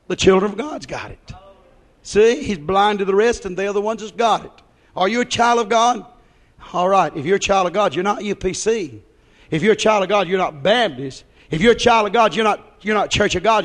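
A man preaching a sermon in a folksy manner, rising to fervent exclamations. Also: high voice. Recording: music and long hall reverb.

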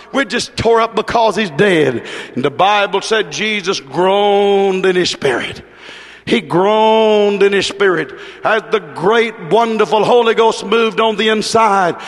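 Male preacher, fervent rhythmic sermon building to shouts, high-pitched, long hall reverb.

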